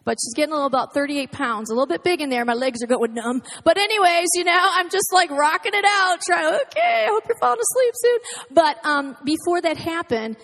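A high-pitched woman in her thirties speaks casually to other mothers. She tells stories about her children with animation and slips into their voices when she quotes them. Her voice carries a long hall-like reverb. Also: fairly quick, hardly any pauses. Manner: animated storytelling, quoting her kids in voices. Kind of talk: casual talk to moms.

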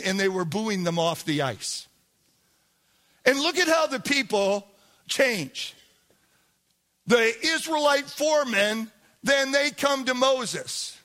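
High-voiced, animated male preacher. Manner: animated, calls for congregation responses. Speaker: pastor. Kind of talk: sermon.

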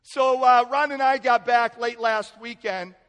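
Man, pastor, sermon storytelling, animated delivery, church sanctuary, long reverb. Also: measured pace, smooth. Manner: storytelling, animated, acts out family quotes with rising pitch. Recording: echoey hall with long reverb.

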